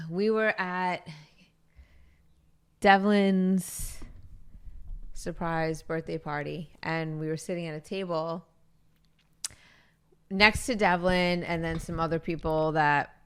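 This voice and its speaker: A woman's voice: on the low side, steady tone, slow, long pauses, fairly bright tone, smooth. A woman co-hosting a podcast in casual chat, telling stories with good humor and laughing along. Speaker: podcast co-host.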